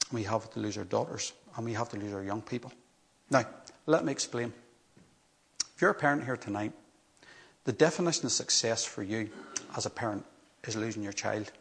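A man's voice: medium pitch, normal speed, creaky, pauses often, a bit bright. A middle-aged man preaching a sermon, telling the story with earnest, emphatic repetition.

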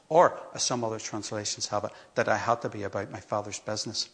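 A man's voice: on the low side, fairly quick, gravelly, few pauses. Earnest male preacher. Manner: earnest, animated storytelling with emphatic repetition. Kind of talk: sermon.

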